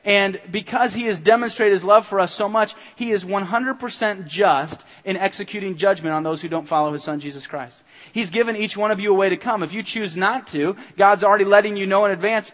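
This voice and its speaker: High-voiced man preaching in a reverberant hall. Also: fairly quick, a bit bright. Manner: earnest, urgent preaching with emphatic repetition. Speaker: pastor. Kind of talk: sermon. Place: church sanctuary.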